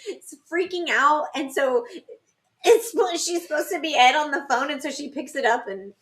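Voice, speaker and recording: A woman's voice: high voice, moderate pace, fairly bright tone. A young woman co-hosting a podcast, chatting casually and retelling movie scenes with laughter. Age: young adult. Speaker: podcast co-host. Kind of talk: casual chat.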